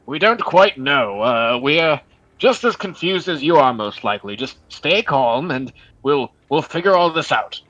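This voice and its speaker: A man's voice: on the high side, expressive, a little slow, fairly bright tone, no room sound, lo-fi sound. A man playing a tabletop game, speaking in character in a formal, soothing way. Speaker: player. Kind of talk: in-character tabletop role-play.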